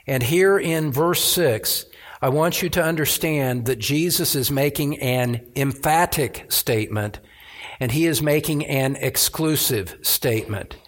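A man's voice: medium pitch, measured pace. A man preaching a sermon as pastor, emphatic, often restarting phrases, addressing a church congregation.

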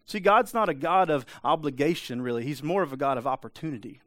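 A man's voice: on the high side, lively intonation, brisk, hardly any pauses, fairly bright tone, dry recording. A man preaching a sermon in a conversational way, often asking the congregation for an amen. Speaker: pastor.

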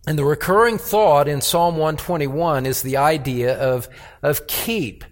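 Slow-preaching man in a reverberant hall. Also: on the high side. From United States. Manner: slow, deliberate, repeats key words for emphasis. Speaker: pastor. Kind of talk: expository sermon. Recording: long reverb of a church hall.

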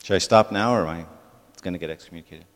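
A man's voice: low voice, very fast, in a large hall. A man giving a conversational church talk to a congregation, often checking in with "right?". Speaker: church speaker.

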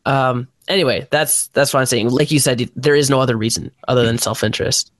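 Brief: man, podcast co-host, mid-pitched, casual chatty delivery, dry close sound. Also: steady tone, a bit bright, dry recording. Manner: chatty, quick to laugh, trails off with fillers. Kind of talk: casual chat.

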